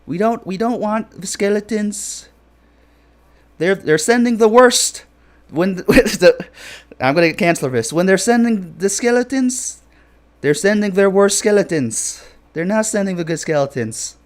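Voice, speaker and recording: A man voicing a pompous, blustering male politician who rants loudly and repeats himself. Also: fairly high pitch, expressive, normal speed, voice pushed up. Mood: ranting. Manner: shouty, repetitive, boastful rant.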